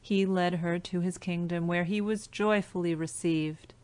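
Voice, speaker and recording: A woman narrating a fairy-tale audiobook in a slow, clear storytelling manner. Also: lowish voice, steady tone, darkish tone. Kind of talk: scripted fairy-tale reading.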